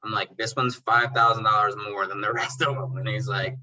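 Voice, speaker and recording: Guy on a podcast telling stories, super bright sharp voice, acts out the back and forth, says bro a lot. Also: lowish voice, brisk, muffled recording. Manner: animated storyteller who acts out both sides of conversations; laid-back slang, calls people bro and dude. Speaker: podcast guest, detailing business owner. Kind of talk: casual interview chat.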